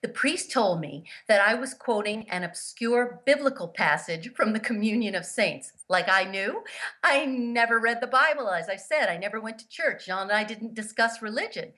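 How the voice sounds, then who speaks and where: Bright, forceful woman telling a story. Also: fairly high pitch, moderate pace. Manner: lively storyteller who acts out the voices of the people she quotes; earnest and emphatic. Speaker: guest, grief therapist and author. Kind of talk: personal storytelling in an interview.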